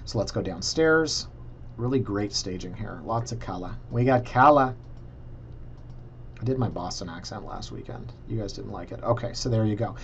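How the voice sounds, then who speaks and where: A man's voice: fairly low pitch, lively intonation, normal speed, muffled recording, a little hiss or hum. A Canadian man casually talking viewers through property listings in a chatty, sarcastic way. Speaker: real estate vlogger.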